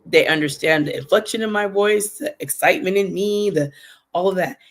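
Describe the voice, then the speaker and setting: A woman hosting a faith podcast livestream, talking in an animated, emphatic way and speaking to viewers in the chat. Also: mid-range voice, normal speed. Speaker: podcast host. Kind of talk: casual devotional livestream talk.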